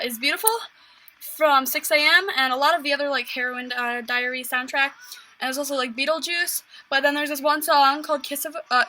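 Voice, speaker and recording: A teenage girl with a high, bright voice tells a story in a casual home vlog, filling every gap with "like" and "um." She rambles through the tale, speaking into her computer's mic, and a faint hiss sits under her voice. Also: low-quality recording. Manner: rambling, filler-heavy with constant "like". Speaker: vlogger.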